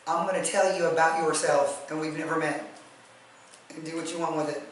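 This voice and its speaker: A woman guest calmly recounting her experiences in a matter-of-fact way in casual conversation. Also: deep voice, a little fast. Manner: even, matter-of-fact telling of eerie experiences. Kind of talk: casual storytelling. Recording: echoey room, distant mic, faint noise.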